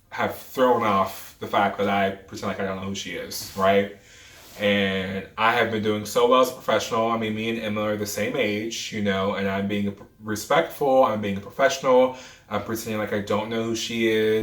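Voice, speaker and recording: A man's voice: on the low side, a bit bright, recorded from a distance. A man in his twenties animatedly retelling a true story, dramatic and full of asides. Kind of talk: storytime vlog. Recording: roomy echo, off-mic, faint music.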